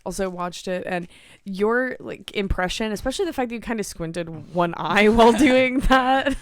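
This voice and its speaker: A woman co-hosting a film podcast in chatty casual talk, laughing easily, with a bright customer-service lilt. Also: mid-range voice, normal speed. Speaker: podcast co-host. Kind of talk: casual chat.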